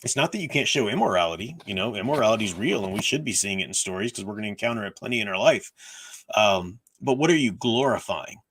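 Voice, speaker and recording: A man's voice: lowish voice, lively intonation, fast talker, a bit bright, slight background noise. A man hosting a casual livestream, answering viewer questions in an earnest, explanatory way. His voice sounds tired and strained. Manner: earnest, explanatory, thinks aloud. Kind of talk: casual livestream commentary on faith and fiction.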